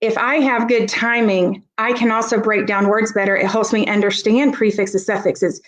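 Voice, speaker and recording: A woman's voice: medium pitch, fairly even intonation, moderate pace, few pauses, low-quality recording. A woman guest expert explaining child reading development in a live-streamed talk, acting out examples with her voice. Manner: explanatory, demonstrates examples with vocal emphasis. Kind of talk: live-streamed talk giving parenting advice.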